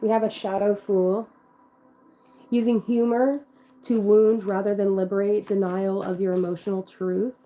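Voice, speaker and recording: A woman's voice: medium pitch, level tone, normal speed. Young woman, tarot reader on a livestream; loose, rambling, filler-heavy delivery with casual swearing; dull lo-fi audio. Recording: dull lo-fi sound.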